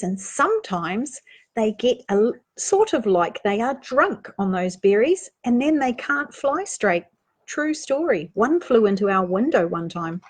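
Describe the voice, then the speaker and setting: Slow-reading New Zealand woman at storytime. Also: medium pitch, slightly rough. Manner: gentle, asks young listeners questions. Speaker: storytime reader. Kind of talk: reading a children's picture book aloud.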